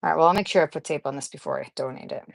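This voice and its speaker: Her voice is low and gravelly, and she talks rapid-fire on a dry recording. She's a craft channel host running a casual live chat, chattering and rambling while handling her supplies, frequently laughing and saying hello to viewers by name.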